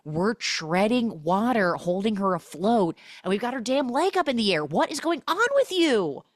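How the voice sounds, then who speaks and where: A woman acting out a group of exasperated young women friends who are scolding someone in a raised, high voice. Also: very animated, normal speed, no echo, studio quality.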